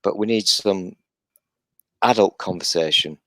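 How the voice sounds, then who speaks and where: A man's voice: low-pitched, unhurried, sharp tone, no room sound. A British man hosting a casual live-stream chat, joking in a self-deprecating way. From Britain. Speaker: podcast host.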